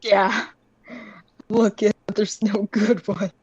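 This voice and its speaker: A woman co-hosting a podcast, telling jokes in a dry, unhurried way during casual chat. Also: mid-range voice, little pitch movement, a little mellow, slightly rough, no room sound. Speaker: podcast co-host. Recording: dull lo-fi audio.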